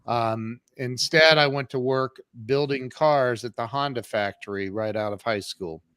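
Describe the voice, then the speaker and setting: A man in his fifties, an entrepreneur and podcast guest, recounts his life in an animated, conversational way. He often restarts sentences and uses fillers. His mid-pitched voice sounds close and dry, with no room echo. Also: unhurried, clear, resonant tone. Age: 50s.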